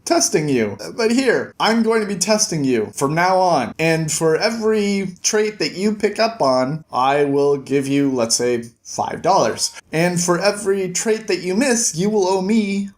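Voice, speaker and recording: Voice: medium pitch, measured pace, hardly any pauses, natural voice. A book reader voicing a flustered man who teaches tracking, stammering a little.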